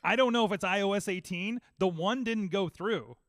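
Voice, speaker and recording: A man in casual podcast chat, telling an animated story and acting out both sides of phone calls. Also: sits high, normal speed, dry recording. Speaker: podcast host.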